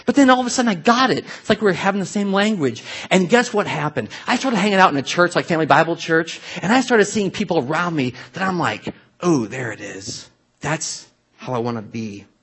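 Husky-voiced man preaching conversationally. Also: high voice, expressive, quick pace, few pauses, a bit bright. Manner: conversational, storytelling with asides. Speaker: pastor. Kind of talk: sermon.

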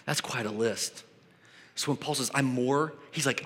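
A man's voice: mid-range voice, measured pace, fairly bright tone. Man preaching in a reverberant hall. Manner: reads scripture aloud and comments conversationally. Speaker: pastor. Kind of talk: sermon.

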